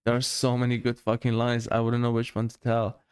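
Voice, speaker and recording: Pria santai yang bercerita panjang lebar. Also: male voice, completely flat delivery, a little fast, darkish tone, clean tone. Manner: rambling, quotes movie lines in a low voice. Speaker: podcast co-host. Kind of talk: casual chat.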